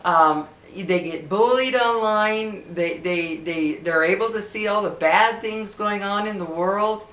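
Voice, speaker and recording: A woman's voice: mid-range voice, slow pace, few pauses, fairly bright tone. A middle-aged woman vlogging casually to her viewers, talking in an impassioned, emphatic way and repeating herself for emphasis. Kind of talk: casual direct-to-camera talk. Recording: echoey room.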